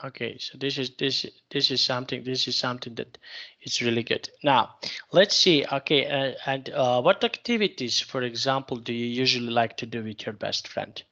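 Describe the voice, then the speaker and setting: A male teacher runs an online English lesson in a bright, gravelly voice, patiently restating every question until the student can answer. The sound is dull and lo-fi, like a call recording. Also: medium pitch, steady tone, moderate pace. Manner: patient, repeats and rephrases questions.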